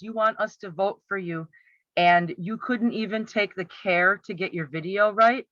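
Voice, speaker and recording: Sarcastic commentator with a bright voice. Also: mid-range voice, moderate pace, no echo. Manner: sarcastic, exasperated rhetorical questions. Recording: slightly muffled, dry.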